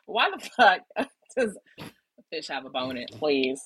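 A woman's voice: low voice, very animated, normal speed, a bit bright, husky, no room sound, rough recording. A woman in a casual podcast chat, talking in rambling asides and laughing often.

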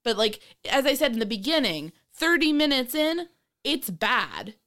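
A woman co-hosting a podcast, chatting casually in a rambling, animated way, with frequent swearing and laughter. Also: high-pitched, moderate pace. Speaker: podcast co-host. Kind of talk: casual chat.

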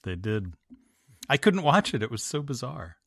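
Playful man, mid pitch, wildly swinging intonation, commentary panel. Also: big pitch swings, moderate pace, creaky, a bit bright, slightly rough, no room sound, studio quality. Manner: playful, mock-dramatic. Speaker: podcast panelist. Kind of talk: casual commentary chat.

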